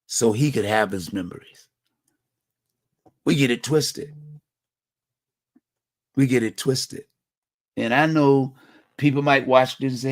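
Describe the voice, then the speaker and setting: In a slow, mid-range voice with frequent pauses, a middle-aged Hampton Roads, Virginia man delivers a personal monologue on community violence while hosting his community talk show. He's blunt, repetitive, and slangy in a conversational way, and the recording is dry.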